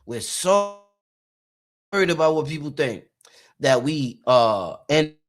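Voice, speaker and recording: A man's voice: a little high, animated, slow. A man giving an emphatic, repetitive, profane spiritual pep talk as a podcast host.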